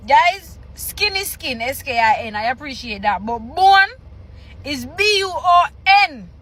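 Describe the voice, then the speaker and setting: A Jamaican woman giving casual reaction commentary, animated and exasperated, spelling words out loud. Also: sits high, measured pace. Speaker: reaction vlogger.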